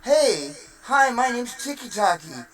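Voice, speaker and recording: A streamer voicing software as an offhand, falsely reassuring character, a bit off-mic. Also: medium pitch, big pitch swings, unhurried, distant mic, poor audio. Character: casual sneaky software persona.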